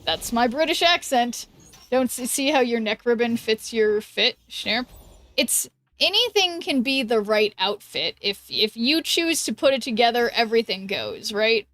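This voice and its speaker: A woman's voice: fairly high pitch, animated, unhurried, fairly bright tone, no echo. Giggly American woman streamer. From United States. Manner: chatty, giggly, trails off with ums. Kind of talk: casual chat while gaming. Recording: dry close mic with faint background music.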